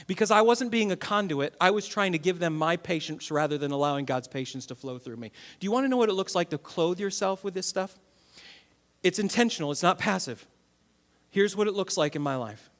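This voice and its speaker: Male pastor, 30s, high-pitched, animated sermon delivery with big dynamic swings. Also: fairly quick. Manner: animated, swings from loud to quiet.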